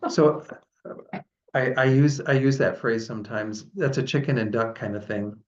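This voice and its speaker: A man, a Buddhist teacher, giving a relaxed, chatty dharma talk with frequent laughs. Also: mid-range voice, normal speed, slight background noise. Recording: dull lo-fi sound.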